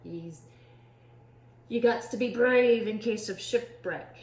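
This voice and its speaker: A woman's voice: fairly high pitch, slow pace, darkish tone, roomy sound, pitched above the performer's own voice. A woman voicing an impatient, bossy male pirate captain who bellows in pirate slang. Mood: gruff.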